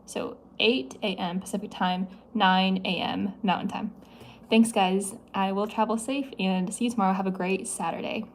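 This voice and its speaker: A woman's voice: mid-range voice, steady tone, moderate pace, slight background noise. A young woman from the US Midwest hosting a casual livestream, answering chat questions in a chatty, playful way. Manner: chatty, playful, with many likes and giggles.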